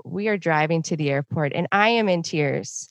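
Woman, podcast host, low voice, dry close sound, chatty, laughs a lot. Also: normal speed, no echo. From Canada. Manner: warm and chatty, laughs often. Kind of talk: casual interview chat.

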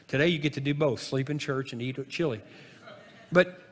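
A man's voice: medium pitch, moderate pace, in a large hall. A man preaching a sermon as pastor in a church, in a conversational, folksy way with asides and restarts, from the northern United States.

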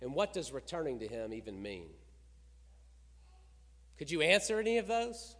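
A man's voice: fairly high pitch, big pitch swings, moderate pace, a bit bright. A middle-aged man preaching a sermon, asking rhetorical questions and building to emphatic peaks. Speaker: pastor. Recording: reverberant hall.

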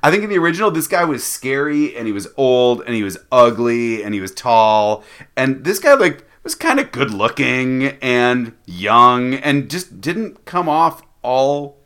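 A man co-hosting a podcast, chatting casually about movies, opinionated and quick to laugh. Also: mid-range voice, big pitch swings, a bit bright. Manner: laughing, opinionated, stammers on restarts. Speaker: podcast co-host. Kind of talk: casual movie review chat.

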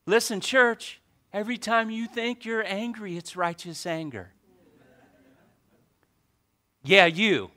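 A male pastor preaching a sermon, telling a story with animated swings between soft asides and loud exclamations. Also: sits high, unhurried.

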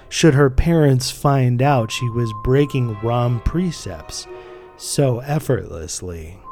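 A man reading his own fiction aloud as narrator, in a measured, deliberate storytelling manner. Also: mid-range voice, darkish tone. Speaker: author and narrator.

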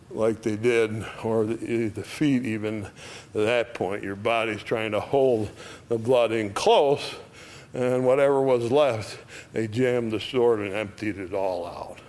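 A man's voice: mid-range voice, a little mellow. A man teaching an adult Bible study class in a conversational way, acting out short bits of dialogue as he explains. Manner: slow, conversational teaching that acts out quoted dialogue.

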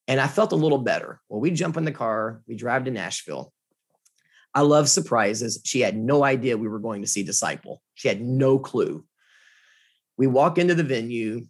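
A male guest tells a host a personal story in a casual conversation, animated and earnest. His voice is husky and slightly breathy, with an ordinary mid-range pitch and a moderate pace.

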